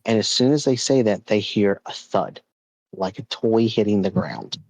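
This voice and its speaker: A low-voiced man telling a haunted-object story in a chatty, animated podcast style. He leans on casual filler words as he builds the tension. The recording is dry and close. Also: normal speed, dry recording, rough recording. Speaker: podcast host.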